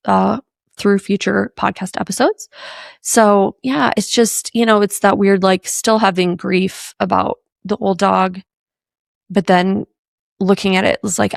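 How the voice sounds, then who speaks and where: Gravelly-voiced woman chatting on a podcast. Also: mid-range voice, dry recording, clean studio sound. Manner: chatty, rambling, lots of "like" and "right?". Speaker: podcast host. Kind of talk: casual solo podcast chat.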